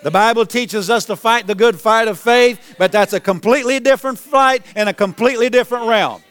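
A man preaching a sermon as pastor, emphatic and repetitive, building to shouted declarations. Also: very high-pitched, fairly quick, smooth. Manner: emphatic preaching, repeats phrases, rises to shouts.

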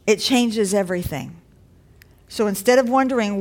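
A woman's voice: medium pitch, a little slow. A woman preaching a sermon to a congregation in a church, in a conversational, encouraging way that builds to rising exhortations.

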